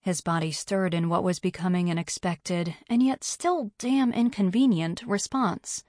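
A woman reading a romance audiobook in a steady, measured way. Her voice sits a little low for a woman, and the sound is dry and close with no room echo. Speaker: audiobook narrator. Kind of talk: scripted narration of a romance novel.

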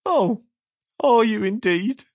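A woman voicing a sad, miserable little man with a squeaky, sniffing way of talking in a storybook reading. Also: sing-song, takes it slowly, dry recording, full character voice. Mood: gloomy. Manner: sniffing, gloomy.

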